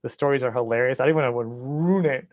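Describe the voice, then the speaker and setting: Fast-talking, rambling podcast host. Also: male voice, mid-range voice, a little mellow, no echo, clean studio sound. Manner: rambling, enthusiastic, quick to laugh. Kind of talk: casual chat.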